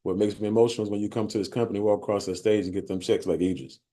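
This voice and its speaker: Blunt, mellow-voiced man giving a pep talk. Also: on the low side, steady tone, rapid-fire. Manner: blunt, streetwise, repetitive with stumbles and "right?" tags. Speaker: sales team leader speaking at a bootcamp. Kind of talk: motivational talk to a live group.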